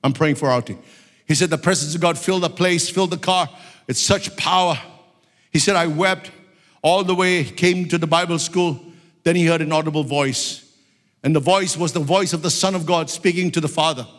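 A man preaching a sermon with fervent passion, at times shouting out prayers. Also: a little high, moderate pace, in a large hall.

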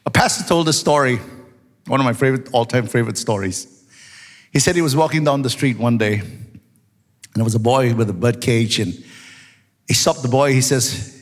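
A man pastor preaching a sermon as an animated storyteller who rises to shouting at the climaxes, in a church hall. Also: medium pitch, moderate pace, long pauses. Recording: long hall reverb in a church.

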